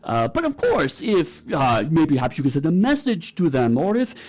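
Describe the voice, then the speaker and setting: A fawning, flustered male cat who runs a grooming shop, voiced by a game master, pushing up into a higher, lively register with a clumsy fake accent. He gushes and stammers with exaggerated courtesy. The tabletop game sound is a little dull, with faint music underneath. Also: normal speed. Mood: obsequious. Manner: ingratiating, flustered, overly polite.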